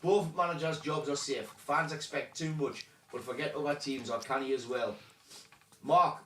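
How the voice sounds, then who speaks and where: A man's voice: a little high, steady tone, moderate pace, pushed and bright, slight background noise. A man co-hosting a casual football podcast, chatting and reading out viewer comments. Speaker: podcast co-host.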